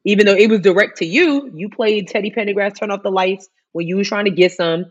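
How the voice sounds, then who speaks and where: A woman in casual chat, talking in an animated, rambling way with many fillers. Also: medium pitch, brisk, breathy edge, highs cut off.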